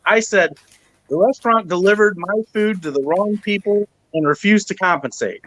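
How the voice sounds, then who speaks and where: High-voiced man telling a heated story. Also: moderate pace, rough recording. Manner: animated, acts out quoted people, swears. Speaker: podcast host. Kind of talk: casual storytelling chat.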